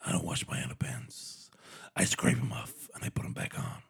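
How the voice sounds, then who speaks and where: A man voicing a gruff, macho male cop with a low, gravelly half-whisper. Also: big pitch swings, normal speed, heavily acted.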